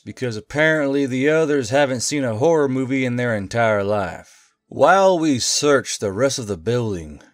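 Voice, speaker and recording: A male text-to-speech voice reading a tabletop game story in an even, unhurried way. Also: medium pitch, no echo. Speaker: narrator. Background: faint music.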